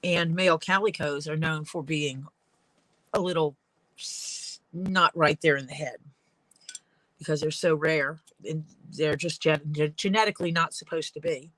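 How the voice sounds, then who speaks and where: A woman's voice: sits low, steady tone, unhurried, a bit bright, dry recording, low-quality recording. A woman leatherworker rambling through casual stories while she works at her craft. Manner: rambling, storytelling.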